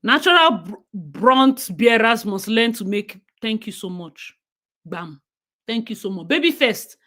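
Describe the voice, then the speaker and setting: A young Nigerian-accented woman, talking straight to her livestream audience. She is blunt and emphatic, and her voice sits a little above the usual pitch for a woman. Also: lively intonation, unhurried, pushed and bright. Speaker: livestream host. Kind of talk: casual livestream commentary.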